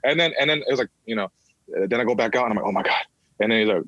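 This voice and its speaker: A man's voice: mid-range voice, rapid-fire, a bit bright, dry recording, low-quality recording. A man in his thirties tells a candid personal story on a podcast, swearing freely and slipping into little acted-out voices. His voice sits in a middle range and the sound is close and dry, with no room around it. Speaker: podcast guest, comedian.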